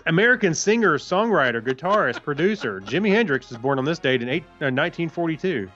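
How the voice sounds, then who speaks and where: A man's voice: a little high, animated, fast, fairly bright tone, soft background music. Man co-hosting a podcast, slightly dull sound. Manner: dry puns, stumbles over names. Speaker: podcast co-host. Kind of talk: casual chat reading this-day-in-history.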